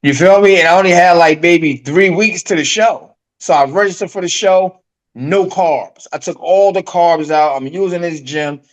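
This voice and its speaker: A man's voice: high-pitched, moderate pace, poor audio. A man as a podcast guest, telling his story casually with street slang and acting out the dialogue.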